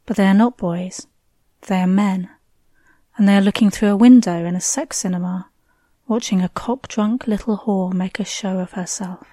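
A woman reading a first-person story aloud in a soft, hushed way that drifts into breathy whispers. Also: medium pitch, no room sound. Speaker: narrator.

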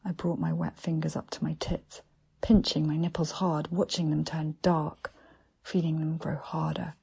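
A woman narrating an erotic story in a slow, hushed, breathy half-whisper. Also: deep voice, flat delivery.

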